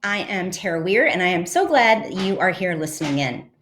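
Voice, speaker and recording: A woman's voice: on the low side, sing-song, brisk, a bit bright. A woman podcast host and leadership coach telling a personal story in an earnest, reflective way, with fillers and restarts.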